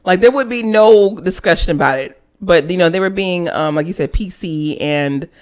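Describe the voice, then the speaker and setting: A woman's voice: fairly low pitch, normal speed. A woman co-hosting a podcast in casual chat, reading a passage aloud and then riffing on it playfully. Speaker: podcast co-host.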